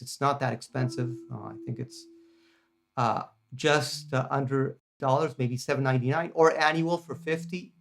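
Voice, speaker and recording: A man's voice: mid-range voice, fairly bright tone. A man teaching guitar harmony in a casual, chatty lesson, enthusiastic and full of fillers and restarts. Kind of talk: casual lesson demonstrating a practice app.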